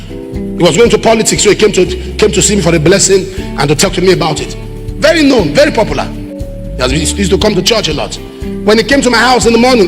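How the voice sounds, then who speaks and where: A high-voiced Nigerian pastor delivers an emphatic sermon, his pitch swinging widely as he fires rhetorical questions and breaks into shouts. His voice rings through a reverberant hall with loud music playing underneath.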